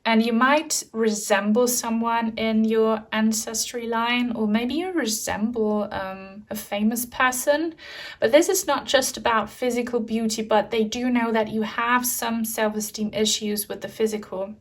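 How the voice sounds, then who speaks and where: A woman doing a tarot reading, her voice a touch high and earnest, soft and reassuring. She sits a little back from the microphone, so the sound is slightly distant. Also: fairly even intonation, measured pace. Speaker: tarot reader. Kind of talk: pick-a-card tarot reading.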